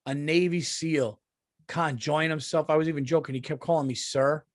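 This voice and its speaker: A man's voice: fairly high pitch, fairly even intonation, moderate pace, dry recording, studio quality. A middle-aged man, a comedian hosting his podcast, ranting in a casual, profane monologue and often repeating himself.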